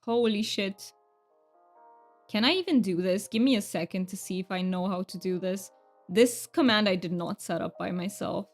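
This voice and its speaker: A woman's voice: medium pitch, normal speed, faint music behind. A woman game streamer chatting casually with her viewers, self-deprecating and thanking chat.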